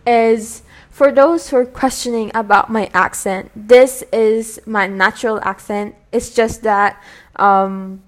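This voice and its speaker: A woman's voice: on the high side, steady tone, slow. A young woman hosting her own podcast, chatting in an earnest, rambling way with many fillers and restarts, her British accent put on over an American-style base. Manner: earnest, soft-spoken, with frequent light laughs. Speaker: podcast host. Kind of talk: casual solo podcast talk.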